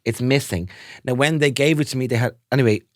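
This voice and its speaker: A man's voice: mid-range voice, quick pace, dry recording, clean studio sound. An Irish man co-hosting a podcast, explaining household troubles in long, rambling casual chat. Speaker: podcast co-host.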